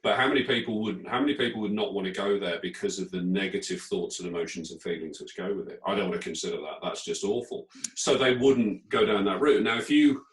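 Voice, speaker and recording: A man hosting a casual interview and working as a speaking coach, with playful, expressive asides and sudden jumps in pitch. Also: fast, few pauses. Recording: roomy sound from a distant mic.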